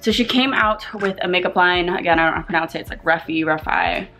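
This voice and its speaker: A woman's voice: on the low side, rapid-fire, over music. A young woman in her twenties chatting casually through a get-ready-with-me makeup vlog in her apartment, full of fillers. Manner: chatty, lots of fillers, talks while doing makeup. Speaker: beauty vlogger.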